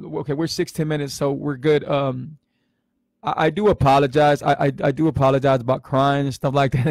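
A man's voice: a little high, no echo, studio quality. A man in his forties talking in a casual livestream, earnest and emotional, who repeats himself and stumbles over his words. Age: 40s. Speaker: vlogger sharing his health story on a livestream.

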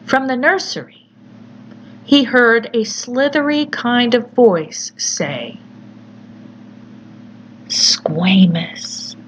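A woman narrating a horror story in a measured, deliberate storytelling manner. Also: on the high side, fairly bright tone. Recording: slightly muffled with faint hiss.

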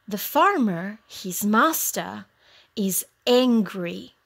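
A woman teacher narrating a simple storybook for young English learners in clear, short phrases. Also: mid-range voice, lively intonation, extremely slow, a bit bright.

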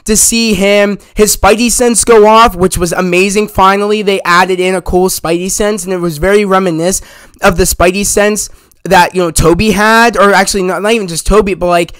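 A man hosting a casual spoiler review of a movie, rambling excitedly with lots of "you know" and "like" as he retells scenes. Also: high-pitched, moderate pace, clean tone, no echo. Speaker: movie review channel host.

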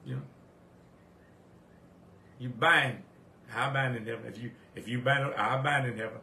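A male preacher, delivering a sermon. He repeats his phrases and quotes scripture in old wording, swinging from quiet reflection to loud, rising exhortation. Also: medium pitch, fairly even intonation, measured pace, gravelly, slight background noise. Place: church sanctuary. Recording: echoey church room.

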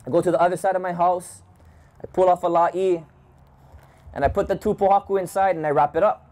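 Higher-voiced man telling a story. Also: flat delivery, a little mellow. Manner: measured, thoughtful storytelling with restarts. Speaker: community leader. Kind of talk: storytelling talk. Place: home gathering, indoors.

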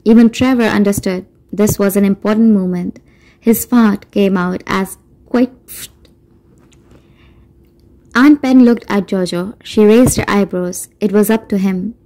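Casting: woman narrator for a children's audiobook, mellow, measured delivery. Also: medium pitch, rough recording. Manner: measured storytelling, doing character voices. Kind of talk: scripted narration.

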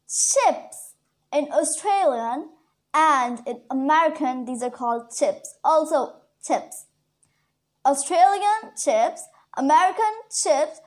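An Urdu-speaking woman leads a friendly online English vocabulary session, going over key words slowly and repeatedly. She speaks in a high pitch.

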